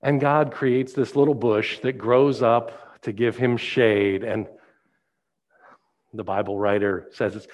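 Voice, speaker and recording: A male pastor preaching a sermon, retelling a Bible story in a lively storytelling way. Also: medium pitch, slow pace. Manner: animated storytelling.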